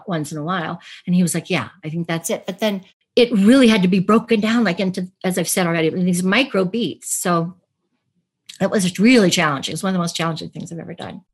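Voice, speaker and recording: A woman who is an actress and podcast guest, telling stories animatedly in a casual interview, laughing and acting out quotes. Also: lowish voice.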